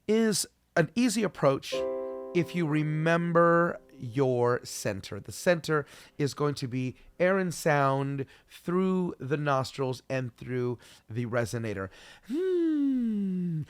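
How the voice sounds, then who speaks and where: A man's voice: mid-range voice, no echo. A man giving an upbeat online singing lesson as a vocal coach, explaining technique and demonstrating sounds.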